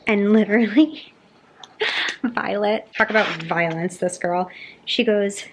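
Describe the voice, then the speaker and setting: A young woman vlogging about a book she is reading, gushing and animated as she acts out characters' lines in a casual chat. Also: mid-range voice, normal speed.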